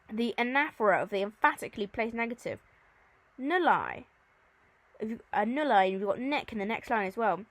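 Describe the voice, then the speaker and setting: Woman slowly explaining Latin verse. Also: a little high, lively intonation, no echo. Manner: reads Latin slowly, then explains in plain chatty terms. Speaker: Latin teacher. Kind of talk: recorded translation lesson.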